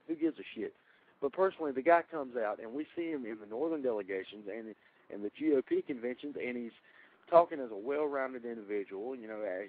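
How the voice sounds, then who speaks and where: A man with a Southern US accent on political talk radio. He speaks in a blunt, indignant way. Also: medium pitch. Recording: tinny phone-like radio audio.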